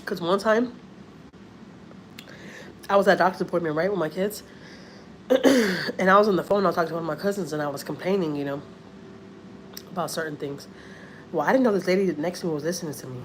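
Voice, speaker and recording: A woman's voice: fairly low pitch, slight background noise. A woman, telling a story in an earnest, chatty livestream that circles back and repeats itself. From Houston, Texas. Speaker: family vlogger.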